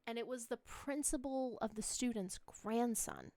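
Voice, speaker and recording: A woman's voice: on the high side, measured pace, mellow. A young adult woman streaming a horror game, telling a long story in a casual, chatty way full of fillers and swearing.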